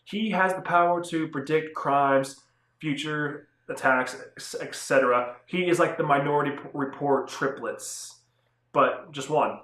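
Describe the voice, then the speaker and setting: A man's voice: a little high, unhurried, fairly bright tone. A young man casually reviewing comic books on his channel, talking loosely with lots of fillers and restarts. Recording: echoey room.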